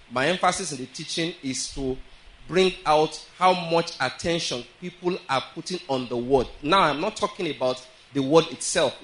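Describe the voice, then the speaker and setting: A man's voice: mid-range voice, fairly bright tone, low-quality recording. A man preaching a sermon, earnest and repetitive, often checking that his listeners follow. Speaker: pastor.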